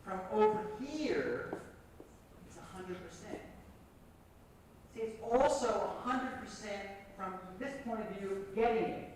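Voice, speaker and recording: A man giving an animated workshop lecture, repeating points and directing the audience, recorded from far off on old reel tape in an echoey hall. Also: high-pitched, a little slow, slight background noise. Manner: animated, repetitive, coaching the audience.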